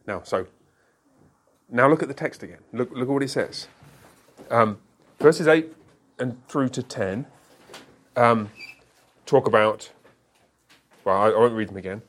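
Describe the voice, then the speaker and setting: A man teaching an interactive Bible study, asking the group questions and explaining with quick asides. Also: mid-range voice.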